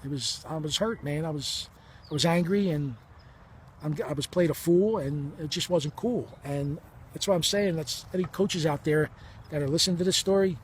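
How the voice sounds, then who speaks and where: A middle-aged man recounts an old grievance in a heated, blunt and profane way, acting out the dialogue as he goes. His voice sits somewhat high for a man, with a faint hiss of noise behind him. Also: normal speed. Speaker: former ballplayer telling his story. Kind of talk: emotional first-person storytelling.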